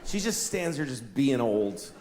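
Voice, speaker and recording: A man's voice: medium pitch, sing-song, measured pace, crowd noise, noisy background. A man doing stand-up comedy, telling a wry, exaggerated story on a club stage. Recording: roomy live club recording with audience. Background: audience laughter.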